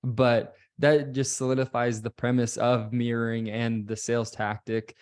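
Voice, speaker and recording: A man hosting an interview as a real estate coach over a video call, enthusiastic and quick with affirmations. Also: medium pitch, flat delivery, darkish tone, clean tone. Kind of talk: conversational interview.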